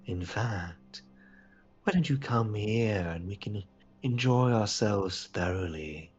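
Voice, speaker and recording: A man voicing a haughty imprisoned queen who speaks slowly and coldly, often in a whisper. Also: fairly low pitch, lively intonation, husky, dull audio, full character voice. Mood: whispered, seductive. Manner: slow, cold, often hushed to a whisper. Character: haughty imprisoned queen, woman, cold and hateful.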